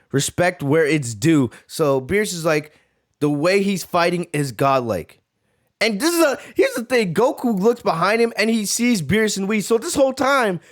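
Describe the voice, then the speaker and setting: An excitable man hosts a live reaction video, talking fast and loose with plenty of slang. His voice sits high, and his intonation swings widely and keeps rising.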